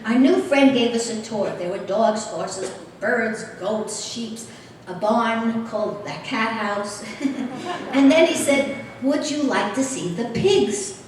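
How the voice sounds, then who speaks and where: Animated woman speaking in an echoing hall. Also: on the high side, slow, slight background noise. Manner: lively, animated storytelling with laughter. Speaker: guest speaker. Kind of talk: personal storytelling speech. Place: large convention hall. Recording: echoey hall heard from far off.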